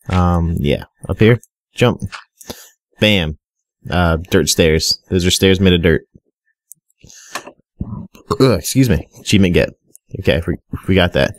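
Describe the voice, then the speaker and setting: A man's voice: low voice, a little slow, long pauses, dry recording. A young man giving casual, rambling Minecraft commentary, often stuttering and talking straight to his viewers. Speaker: gaming video creator.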